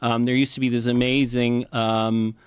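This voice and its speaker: A man talks through a long explanation in relaxed, casual conversation. He keeps adding little check-ins and fillers as he goes. The sound is dry and close, with no room echo. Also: medium pitch, normal speed, smooth. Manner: lively, frequent "right?" and "you know" fillers.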